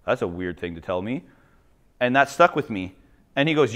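A man from Ontario, a teacher telling jokey, animated stories in a conference talk. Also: medium pitch, normal speed, pauses often. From Ontario, Canada. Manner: animated, jokey, acts out quoted voices. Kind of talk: humorous storytelling presentation.

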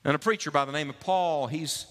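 A man's voice: on the high side, fairly quick, fairly bright tone. A male pastor preaching a sermon, storytelling and pleading with his congregation. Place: church sanctuary. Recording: reverberant church hall.

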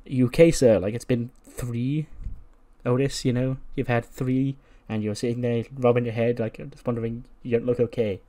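A man's voice: medium pitch, flat delivery, moderate pace, warm tone, natural voice. A man voicing a kind young woman bartender who patiently consoles a gloomy customer. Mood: consoling.

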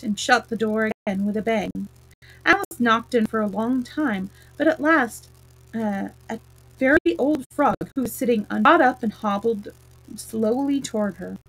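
A woman's voice: a little high, moderate pace, low-quality recording. A woman storyteller reading a children's book aloud, with small slips and restarts.

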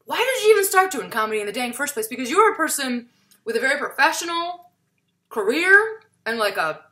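A woman's voice: high voice, big pitch swings, a little fast, sharp tone. A woman hosting a casual, joking interview about stand-up comedy, often laughing and making playful asides. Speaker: host.

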